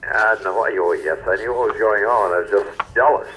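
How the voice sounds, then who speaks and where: Deep-voiced older man telling stories. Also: slight background noise. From North Carolina, US. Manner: folksy, unhurried, trails off softly. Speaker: interview guest, retired newscaster. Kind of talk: relaxed storytelling interview. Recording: dull lo-fi radio recording.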